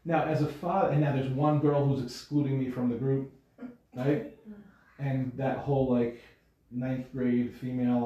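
A man's voice: mid-range voice, warm tone. A man giving an informal Torah class. He talks in a conversational way, asks his listeners questions and slips in dry humor. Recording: distant, echoey, muffled lecture recording.

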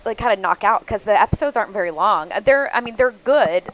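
A woman's voice: medium pitch, lively intonation, fast. A woman co-hosting a casual podcast chat, talking in a rambling, chatty way with restarts. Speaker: podcast co-host. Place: on location at a sewing store.

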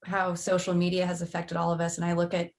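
A woman's voice: lowish voice, completely flat delivery, fast talker. A woman hosting an interview, affirming her guest and posing thoughtful questions. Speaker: podcast host. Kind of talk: interview chat.

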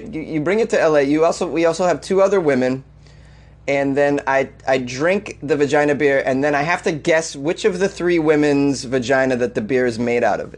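A man with a slightly high-pitched voice hosts a comedy news show. He talks in a loose, riffing way, breaking into laughter and disbelief as he goes. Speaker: comedy news podcast host. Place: Los Angeles.

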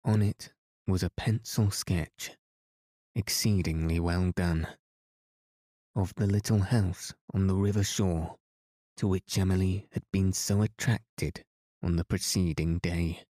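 A man calmly narrating a novel as a bedtime story, soft and unhurried. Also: deep voice, no echo, studio quality. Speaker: podcast host and reader.

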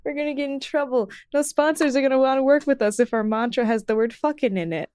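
High-voiced woman in dry podcast chat. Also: fast, a little mellow, smooth, no echo. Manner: frank, swears freely, laughs easily. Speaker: podcast co-host.

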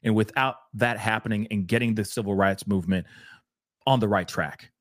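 A man with a lowish voice co-hosts a casual talk show, speaking emphatically at a moderate pace and repeating phrases for emphasis. The audio is studio quality with no room sound.

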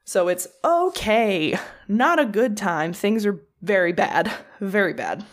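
A woman's voice: mid-range voice, slow. A woman co-hosting a podcast, telling a true crime story in casual, profane chat. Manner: profane, animated storyteller with mocking quoted voices.

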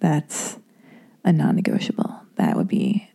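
Chatty, mellow-voiced woman podcast host. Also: deep voice, wildly swooping pitch, measured pace, gravelly, slightly rough, in a whisper. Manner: chatty and rambling, heavy on fillers, self-mocking. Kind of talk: casual solo podcast intro.

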